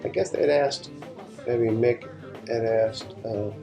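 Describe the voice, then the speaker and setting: Over music, a man with a mid-range voice speaks slowly and steadily as an interview guest. He's a session guitarist telling rambling, laid-back stories in casual conversation, frequently starting his sentences over.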